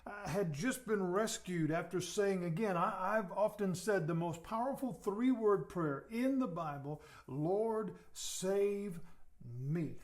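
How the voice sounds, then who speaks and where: Earnest man preaching a teaching lesson, higher-pitched, repeats words, softens to make a point. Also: a little slow, few pauses. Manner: earnest, repeats words, drops to soft emphasis. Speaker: pastor. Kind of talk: sermon teaching.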